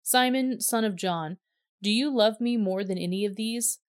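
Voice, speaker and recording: A woman voicing a calm, gentle grown man who teaches, in a dry recording. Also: medium pitch, moderate pace, no room sound, close to an everyday voice.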